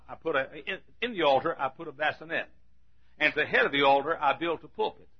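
An older man in his sixties preaching a sermon, telling folksy stories and rising to shouted emphasis, with a husky voice. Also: mid-range voice. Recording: dull lo-fi recording.

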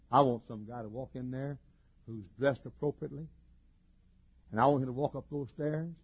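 A male pastor preaching a folksy, joking sermon, chuckling often and swinging between loud and soft. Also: medium pitch, fairly even intonation, normal speed, slightly rough. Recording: dull lo-fi sermon recording.

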